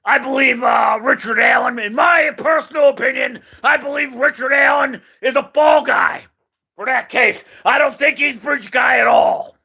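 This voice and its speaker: Man, very high voice, heavy gravel, rambling unscripted opinions, repeats himself. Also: moderate pace, bright, forceful tone, shouting. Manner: emphatic, rambling, repeats himself, gropes for names. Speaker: channel host.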